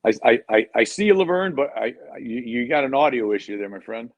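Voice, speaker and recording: An upbeat man hosts a live online show from a hotel room. His voice is a little husky and his pitch is middling. He jokes his way along. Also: fairly quick, highs cut off. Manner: upbeat, joking, talks over tech trouble. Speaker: host. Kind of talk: live video show chat.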